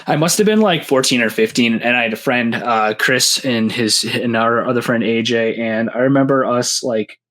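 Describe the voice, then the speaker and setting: A man's voice: mid-range voice, normal speed, hardly any pauses, a bit bright. A man, a podcast guest telling casual stories, rambling with lots of "like" and restarts. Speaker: podcast guest, seed breeder. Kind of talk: casual storytelling.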